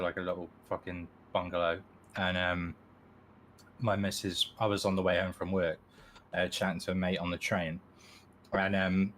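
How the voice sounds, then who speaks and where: A man's voice: deep voice, a bit bright, a little hiss or hum. A man telling a laid-back anecdote to friends on voice chat, swearing freely. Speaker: gamer chatting with friends on voice chat. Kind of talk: casual storytelling.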